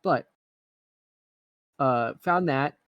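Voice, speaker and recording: A man's voice: medium pitch, extremely slow, no room sound, dull audio. A man casually recapping a tabletop game session, rambling with fillers and acting out characters' lines. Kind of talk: casual chat.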